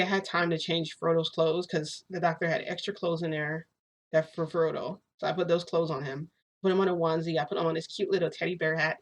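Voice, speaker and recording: Chatty woman telling an excitable story. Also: low voice. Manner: excitable, chatty retelling full of "I'm like" and "freaking". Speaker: vlogger. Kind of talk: casual storytelling.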